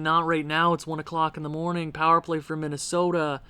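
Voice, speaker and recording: A man's voice: on the high side, level tone, brisk, bright, forceful tone, clear, resonant tone. A young man giving casual commentary on his own hockey video game late at night at home, exasperated and pleading with his team. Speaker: gaming video creator. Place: house at night.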